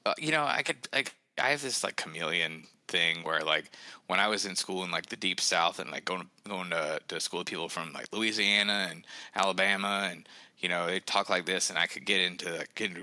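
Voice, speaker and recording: A man's voice: low voice, sharp tone, dry recording. A man, an author on a podcast, chatting casually in a rambling way with many fillers and restarts. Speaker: author guest.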